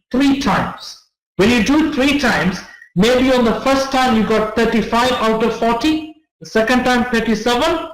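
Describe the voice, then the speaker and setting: Guy teaching english test tips to a class, fairly high voice, repeats himself a lot, echoey classroom sound. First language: not English. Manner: explanatory, repeats words, checks in with students. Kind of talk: classroom lecture.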